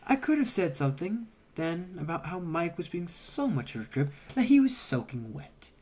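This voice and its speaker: A woman reading a novel aloud as a narrator, telling the story with lively shifts and voiced dialogue. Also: lowish voice, brisk, few pauses, a little hiss or hum. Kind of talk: audiobook-style reading.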